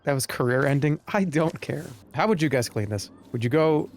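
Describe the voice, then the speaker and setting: A man's voice: a little high, animated, moderate pace, slight background noise. A man streaming a game live, chatting to viewers in a joking, rambling way. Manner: joking, rambling, talks to chat. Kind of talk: live-stream gameplay commentary.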